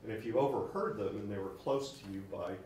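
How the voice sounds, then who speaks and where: A man's voice: lowish voice, a little mellow. Stammering man asking from the audience. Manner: halting, stammering start. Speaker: audience member asking a question. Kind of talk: seminar Q&A question. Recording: very echoey, distant audience mic with faint noise.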